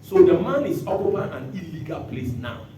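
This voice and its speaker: A man preaching a sermon as pastor, bursting into shouts and acting out the words he quotes. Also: on the high side, moderate pace. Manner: animated preaching with sudden shouts and dramatic quotes. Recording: echoey hall from far off.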